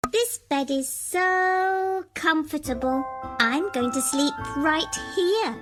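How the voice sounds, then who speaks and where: A woman's voice: sits high, slow pace, music in the background. A woman voicing the little girl Goldilocks in a children's storybook, with a sing-song, exaggerated delivery. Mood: fussy.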